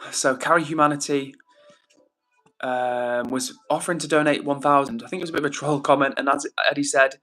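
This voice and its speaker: Bright-voiced man chatting on stream. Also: medium pitch, fairly even intonation, brisk, soft background music. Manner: chatty, upbeat, reads chat messages aloud. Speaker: livestream host. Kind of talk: casual livestream chat reading comments.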